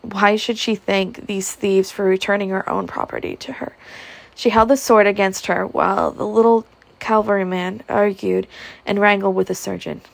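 A woman's voice: mid-range voice, steady tone, moderate pace, vocal fry, dry recording. A woman reading a novel aloud expressively, now and then breaking off to comment. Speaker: audiobook reader.

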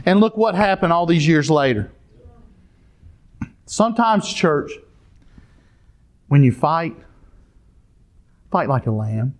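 Preacher with a lively, swooping voice. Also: male voice, on the high side, measured pace, long pauses. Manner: storytelling, addresses the congregation directly. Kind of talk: sermon.

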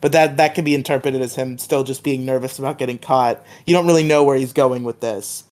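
A man's voice: medium pitch, steady tone, brisk, darkish tone. A man co-hosting a podcast, recapping a TV episode in a chatty way full of fillers. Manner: chatty, filler-heavy retelling of scenes. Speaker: podcast co-host.

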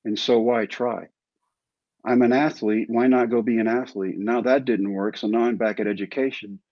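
Wry and self-deprecating, a Texan who once played pro baseball shares his own story as an interview guest. His voice is fairly low and a little mellow, with no echo, in a dry and somewhat dull recording.

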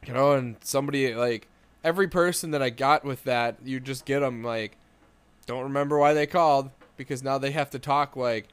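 A man's voice: mid-range voice, normal speed, clear, resonant tone. A man in casual podcast chat, telling rambling family stories and acting out the quoted voices.

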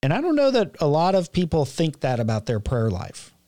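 A man's voice: fairly high pitch, wildly swooping pitch, brisk, warm tone, no echo, clean studio sound. A man co-hosting a casual faith podcast, reflective and quoting scripture as he talks. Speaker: podcast co-host.

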